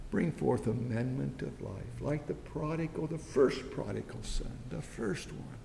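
A man preaching a fervent, pleading sermon, swinging between loud and hushed. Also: animated, a little slow, vocal fry, hardly any pauses. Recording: long reverb, faint rumble.

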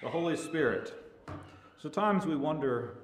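A male preacher giving a sermon who swells from hushed to loud and stretches key words. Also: a little high, animated, normal speed, slight background noise. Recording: echoey room with faint ambience.

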